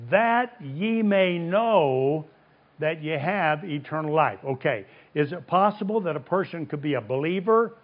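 A man preaches to a congregation with an emphatic, questioning delivery, his voice sitting a little high for a man. The recording has a dull, lo-fi quality. He presses each point and answers his own questions. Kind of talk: sermon. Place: church service before a congregation. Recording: dull lo-fi sound.

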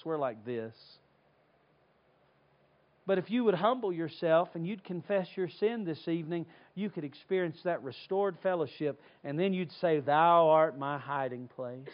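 A man from North Carolina, preaching a sermon and telling stories with lively acted-out voices. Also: high voice, dull audio. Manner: animated storytelling, acts out voices. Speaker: pastor.

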